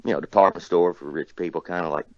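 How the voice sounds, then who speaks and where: A man's voice: low-pitched, steady tone, quick pace, dry recording, highs cut off. A man from near Nashville, casually telling a rambling story as a guest, cussing and laughing often. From Tennessee, near Nashville.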